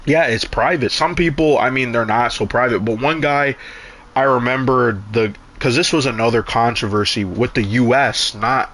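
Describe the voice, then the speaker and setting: A young man talks casually over his game. He rambles through stories in a middle-pitched voice, swears freely and often stops to restart a sentence. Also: moderate pace, fairly bright tone, a little hiss or hum. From Canada. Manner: rambling, profane storytelling with many restarts. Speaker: gaming streamer. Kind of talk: casual chat while gaming.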